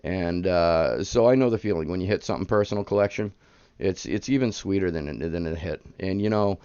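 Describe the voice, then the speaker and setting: A man's voice: sits low, fairly quick, warm tone, clean tone, no echo, lo-fi sound. A man in his thirties hosting a live card-breaking stream, chatting casually and hyping up the pulls. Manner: chatty, rambling, hypes up the pulls.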